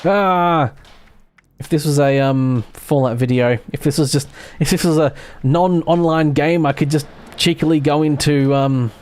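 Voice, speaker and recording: A man's voice: fairly high pitch, steady tone, moderate pace, a little mellow. A man streaming a video game, thinking aloud in casual, self-mocking commentary.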